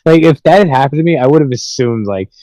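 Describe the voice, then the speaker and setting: A man's voice: medium pitch, lively intonation, quick pace, dark tone, no echo, low-quality recording. A man hosting a podcast, telling rambling, profane stories about his pranks in a casual chat. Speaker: podcast host.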